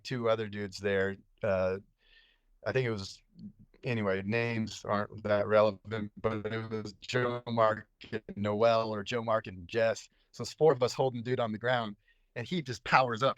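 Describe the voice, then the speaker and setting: A man tells a story casually as a podcast guest, in a relaxed, slangy manner full of fillers. His voice sits somewhat low and sounds dry and close. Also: dry recording. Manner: laid-back slang, many fillers like "dude" and "bro". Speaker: podcast guest, psychiatric nurse.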